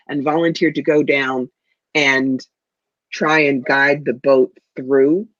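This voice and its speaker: A woman's voice: low-pitched, dry recording. Confident woman psychic on a dull call. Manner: confident, calls people darling and honey. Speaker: psychic medium guest. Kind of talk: giving psychic readings on a livestream.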